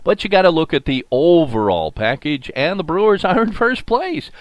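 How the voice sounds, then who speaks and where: Older male sports talk host, fairly high voice, chatty and animated, dry recording. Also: moderate pace, dry recording, lo-fi sound. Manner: folksy, rambling, animated with many fillers. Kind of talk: solo sports radio podcast monologue.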